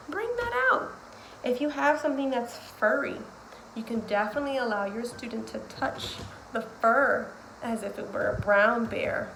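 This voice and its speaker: A high, bright-voiced woman speech teacher talks to parents in a chatty, upbeat way, dropping in playful asides as she explains an activity. Her voice rings in a roomy, echoey space, with a faint hiss of background noise underneath. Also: vocal fry. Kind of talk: friendly instructions to parents.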